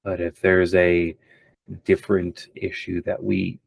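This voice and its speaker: A composed, smug captain speaks in a whispered role-play, as a man puts him on. His voice sits low and his delivery is slow and measured. The sound is close and dry. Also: completely flat delivery, gravelly, no room sound, exaggerated voice. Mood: cool warning. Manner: quiet, measured, pointed.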